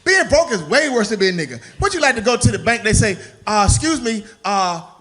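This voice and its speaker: A male comedian on stage with a high, bright voice that rides up and down as he lands each line. His delivery is animated and punchy, built on stand-up rhythm. He sounds lively and sharp throughout the set. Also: fast.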